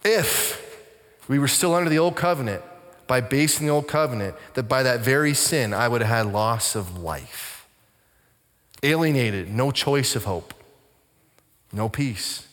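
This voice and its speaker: A man from Canada, a pastor, preaching a sermon with animated storytelling that drops to soft, intense tones. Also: mid-range voice, measured pace. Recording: long church reverb.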